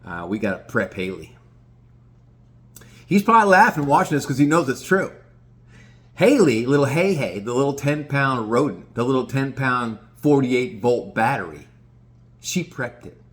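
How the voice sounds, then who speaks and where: A man telling a casual story in an animated, swearing manner. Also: medium pitch. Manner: animated, swearing, lots of restarts. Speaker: vlogger.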